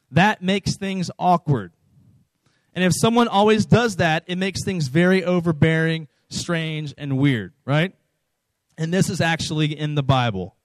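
A man's voice: high voice, dry recording, rough recording. A man in his thirties giving a casual, conversational sermon as a pastor, often repeating his words for emphasis.

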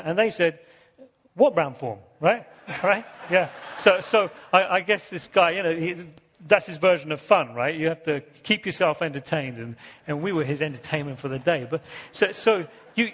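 A man's voice: a little high, fairly bright tone, breathy edge. A man preaching a sermon, telling stories in a conversational way and often repeating and restarting words. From England. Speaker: pastor. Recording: muffled sound with long hall reverb.

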